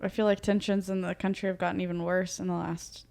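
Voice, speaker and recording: A young woman co-hosting a podcast, chatting casually with quick jokey asides and frequent laughter. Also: lowish voice, little pitch movement, creaky, darkish tone. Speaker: podcast co-host.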